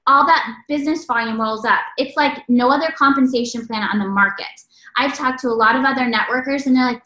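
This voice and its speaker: A woman giving an energetic, preachy motivational talk to a sales team. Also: high-pitched, fast, echoey room, rough recording. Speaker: network marketing speaker.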